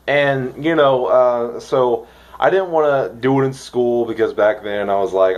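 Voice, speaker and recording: A young man from the United States rambling excitedly in a casual vlog, swearing now and then. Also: mid-range voice, a little slow, muffled recording. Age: young adult. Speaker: vlogger reviewing dip.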